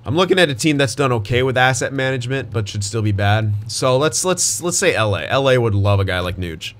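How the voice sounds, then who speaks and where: A man's voice: mid-range voice, expressive, brisk, fairly bright tone. A young man giving casual gameplay commentary as a gaming YouTuber, thinking aloud and restarting his sentences, with hiccups and voice cracks.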